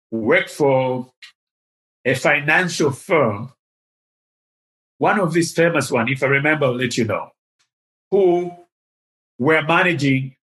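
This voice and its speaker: An older man, from Tanzania, telling an animated story as an interview guest. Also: medium pitch, rough recording. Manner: animated, acts out the voices in his story.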